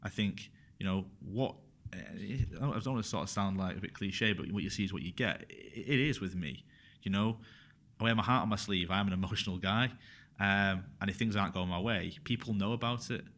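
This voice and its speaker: Frank, low-voiced male podcast guest. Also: a little fast. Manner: frank, animated, repeats phrases for emphasis. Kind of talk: casual conversational interview.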